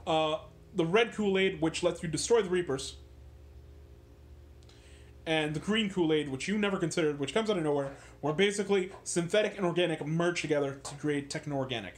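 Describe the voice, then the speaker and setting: A man's voice: a little high, brisk, natural voice. A man mockingly quoting a smug ghostly boy AI who lectures in a condescending way. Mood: lecturing. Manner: condescending, explaining.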